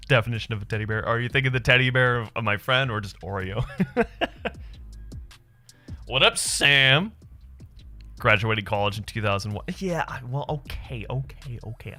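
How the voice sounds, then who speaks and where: Fairly low in pitch, brisk, and sharp in tone, the voice belongs to a man in his thirties on a live stream with faint music behind him. He chats casually with viewers, spinning loose stories laced with swearing and laughter.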